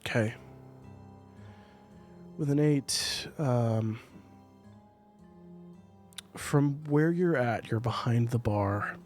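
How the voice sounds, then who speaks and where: A man's voice: mid-range voice, very slow, pauses often, a little mellow, soft background music. A man narrating a tabletop game as game master, in a loose, hesitant style.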